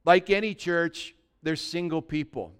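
A man preaching a conversational sermon as pastor, dropping to a soft, quiet voice when acting out gentle words. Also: on the high side, unhurried, smooth. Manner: conversational preaching, drops to a soft voice for imagined dialogue.

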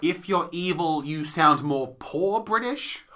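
Giggly, bright-voiced man chatting. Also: on the high side, expressive, takes it slowly. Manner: giggly, laughs often mid-sentence. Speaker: podcast co-host reviewing theatre. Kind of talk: casual chat.

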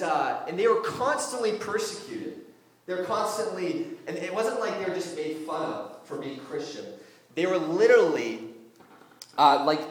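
A man giving an informal, joking sermon to young people as a youth pastor, in a lively conversational way. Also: fairly high pitch, distant mic. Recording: very echoey room.

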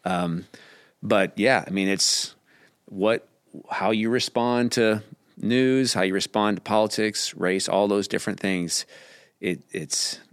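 A man in his thirties with a low voice talks in a relaxed, chatty way with lots of fillers. The recording is dry and close. He is a guest on a casual podcast. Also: slow, smooth, dry recording.

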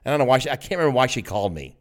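A man's voice: mid-range voice, very animated, very fast. A man in casual chat, telling a personal story in a rambling way with restarts.

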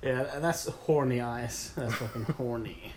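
A man's voice: medium pitch, measured pace. A man with a mid-range voice trades sarcastic jokes in loose, casual chat. He swears often and reacts with blunt enthusiasm. Faint background noise sits under the recording. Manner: sarcastic, profane, joking. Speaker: co-host reviewing a comic.

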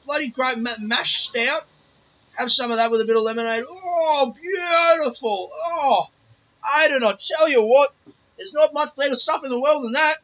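A man playing his boastful old grandfather, rambling loudly through a joke about his homebrew stout. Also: very high voice, fairly even intonation, fairly quick, pitched above the performer's own voice, full character voice. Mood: boasting. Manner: loud, rambling joke-telling. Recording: dull lo-fi recording.

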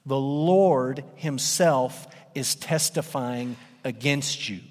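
A man preaching a sermon emphatically, his voice rising and then dropping low for effect. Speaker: pastor. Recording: long hall reverb.

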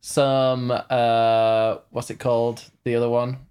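A man's voice: mid-range voice, flat delivery, slow, a little mellow, clean tone. A man co-hosting a casual livestream chat, chatty and jokey, laughing often. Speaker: streamer and co-host.

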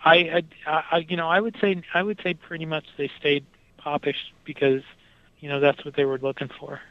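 A man's voice: fairly high pitch, flat delivery, moderate pace, no room sound, highs cut off. A man talking casually about music, with lots of fillers and restarts as he thinks aloud. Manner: hesitant, many fillers and restarts.

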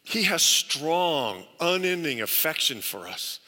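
A man's voice: fairly high pitch, very animated, slow, bright, forceful tone, breathy edge, long reverb tail. A male pastor preaching a sermon, telling stories earnestly and stressing points through repetition. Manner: earnest storytelling with emphatic repetition.

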